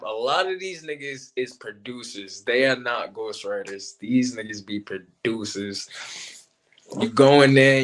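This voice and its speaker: Slangy, animated man talking battle rap. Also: mid-range voice. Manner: animated, slangy, repeats himself. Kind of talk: casual commentary monologue.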